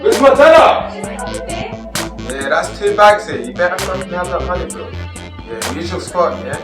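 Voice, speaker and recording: A Scottish man playing an aggressive young drug dealer who shouts threats and swears. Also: high-pitched, very animated, normal speed. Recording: film soundtrack with loud music, roomy.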